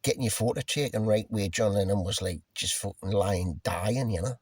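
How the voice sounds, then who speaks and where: A man's voice: fairly low pitch, normal speed, breathy edge, no room sound, studio quality. A man casually telling a personal story, rambling and swearing, with lots of restarts and fillers. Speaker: musician telling a personal anecdote.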